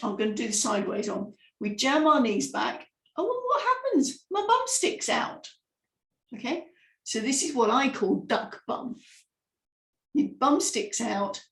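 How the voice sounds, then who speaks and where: A woman leading a lively, hands-on vocal warm-up lesson as a speaking coach. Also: a little high. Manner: lively, demonstrative, guides listeners through exercises. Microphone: microphone, sometimes stepping close. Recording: roomy echo.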